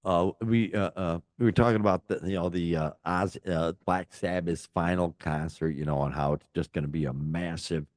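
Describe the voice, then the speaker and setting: A man's voice: sits low, fairly even intonation, normal speed, few pauses, a little mellow, dry recording. An older man, co-hosting a casual rock chat show, rambling and joking with many fillers. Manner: rambling, jokey, lots of fillers. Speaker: podcast co-host.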